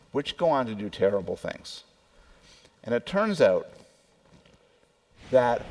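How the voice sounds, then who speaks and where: A man who is a psychology professor, giving a conversational public lecture that poses questions to the audience and adds personal asides. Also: mid-range voice.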